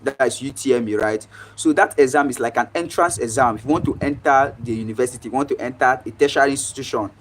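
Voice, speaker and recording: A man's voice: medium pitch, quick pace, hardly any pauses. Nigerian man explaining on a live stream. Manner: explains step by step, checking in with "right?". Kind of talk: casual live stream talk.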